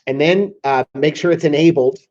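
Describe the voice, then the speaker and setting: A man with a Southern American accent walking viewers through a software tool in a casual screen-share tutorial, often checking in with "okay?". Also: on the high side, moderate pace. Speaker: software demo presenter. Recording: slightly dull lo-fi audio.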